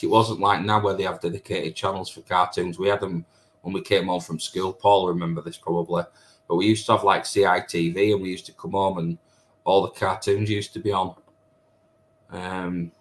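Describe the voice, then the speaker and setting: Chatty teasing man, low voice. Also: a bit bright. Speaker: live stream host reading chat. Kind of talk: casual chat with viewers.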